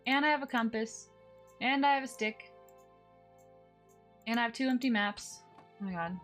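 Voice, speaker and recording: A woman's voice: on the high side, moderate pace, pauses often, a bit bright, faint music behind. A woman live streaming a game, chatting casually with her viewers and coaxing her in-game animals along with little exclamations.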